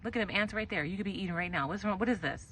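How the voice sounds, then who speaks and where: A woman with a Southern American accent talks through a casual garden vlog outdoors, her voice sitting at a middle pitch. She sounds exasperated, scolding the critters and venting as she walks her beds. Faint outdoor noise hums behind her. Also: rapid-fire, a bit bright, low-quality recording. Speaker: garden vlogger.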